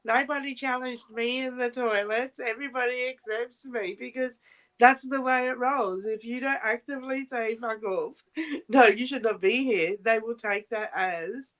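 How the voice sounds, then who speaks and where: A woman chatting as a stream guest, with a slightly high voice. She talks bluntly and emphatically, and she swears without hesitation. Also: normal speed, a bit bright. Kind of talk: casual chat.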